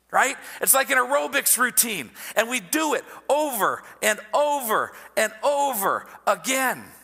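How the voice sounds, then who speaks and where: A man preaching a sermon in an animated, conversational way, often checking in with his listeners. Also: very high-pitched, measured pace, creaky, big-room sound. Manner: animated, conversational, asks the audience "right?". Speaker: pastor.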